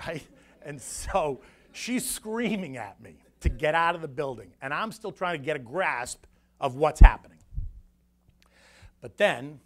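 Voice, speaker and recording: A middle-aged man telling a story to an audience in an animated, conversational way, often checking in with the listeners. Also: medium pitch. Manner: animated, conversational, frequent "right?" asides. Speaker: guest speaker.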